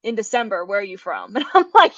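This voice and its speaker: A woman's voice: medium pitch, very animated, quick pace, dull audio, a crowd in the background. A woman from the United States, a podcast guest, telling personal stories in a chatty, laughing way. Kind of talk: casual podcast chat.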